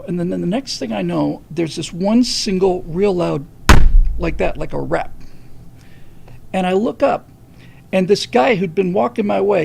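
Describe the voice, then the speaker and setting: A man with a husky, gravelly voice pitched fairly high tells a personal story on his livestream. His delivery is animated and full of profanity. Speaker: livestream host.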